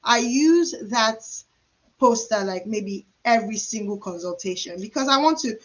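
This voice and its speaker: A woman's voice: a little high, expressive, normal speed, dull audio. A woman trichologist teaching a live career webinar in a conversational, emphatic way, acting out client dialogue. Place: private hair practice suite.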